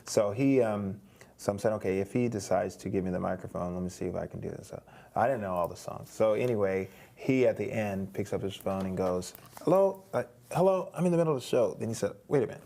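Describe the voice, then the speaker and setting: A man's voice: deep voice, fast talker, vocal fry, mellow. A middle-aged man, a guest on an interview show, animatedly telling a story, acting out quoted voices, with frequent restarts.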